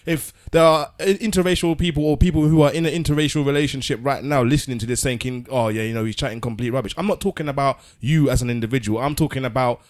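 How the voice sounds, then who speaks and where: A man's voice: medium pitch, steady tone, fast, hardly any pauses. A man explaining his view in casual podcast talk, earnestly, often repeating words as he works through a point. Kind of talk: casual discussion.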